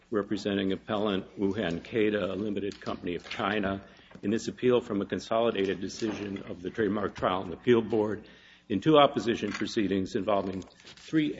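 A man's voice: fairly low pitch, a little hiss or hum. Formal lawyer man arguing in court. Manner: formal and measured, with hesitant fillers. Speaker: appellate attorney. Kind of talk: courtroom oral argument. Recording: dull lo-fi courtroom audio.

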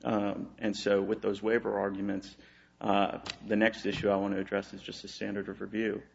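A man's voice: fairly low pitch, monotone, moderate pace, creaky, darkish tone, muffled recording, slight background noise. A man from Texas, an attorney making an oral argument on appeal, hesitant with many fillers and restarts.

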